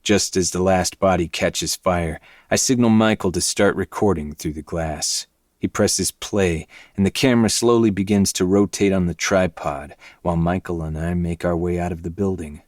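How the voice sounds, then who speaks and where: A man reading a dark novel aloud in first person, with low, intense, brooding delivery. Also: normal speed, no echo, clean studio sound. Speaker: podcast host reading a novel.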